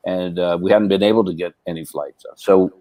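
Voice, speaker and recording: Low-voiced man telling rambling stories. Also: a little fast, dry recording, rough recording. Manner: rambling with frequent restarts and fillers; animated when acting out quoted speech. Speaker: podcast guest, actor. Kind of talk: casual anecdotal storytelling.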